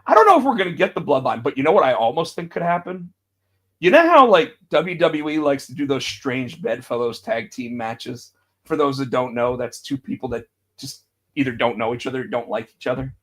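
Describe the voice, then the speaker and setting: A man's voice: fairly quick, breathy edge. A man co-hosting a podcast, chatting casually about wrestling and acting out quotes with big jumps in his voice. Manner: animated, acts out quotes with big pitch jumps. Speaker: podcast co-host.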